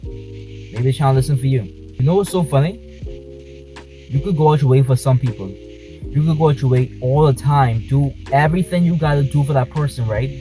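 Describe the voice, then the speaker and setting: A man's voice: medium pitch, a little fast, dark tone, faint music behind, poor audio. A man vlogging from inside a car, speaking passionately and emphatically, repeating his points. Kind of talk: talking to camera in a car.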